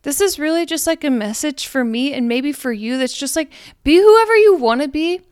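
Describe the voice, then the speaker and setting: High-voiced woman, frank and profane. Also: expressive, moderate pace, darkish tone, no room sound, clean studio sound. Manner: frank, profane, rambling and self-questioning. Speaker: podcast host. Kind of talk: spiritual podcast monologue.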